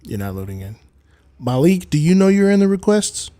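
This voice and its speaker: A man's voice: high-pitched, big pitch swings, moderate pace, warm tone, dry recording. A man hosting a casual livestream, goofy and rambling, who repeats bits and slips into mock accents. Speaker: livestream host.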